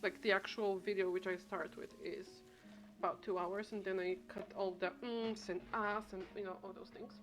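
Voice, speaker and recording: A woman's voice: medium pitch, moderate pace, soft background music. Rambling woman streamer chatting while playing. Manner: rambling, chatty, thinks aloud with many restarts. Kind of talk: casual gameplay chat. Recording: steady background noise.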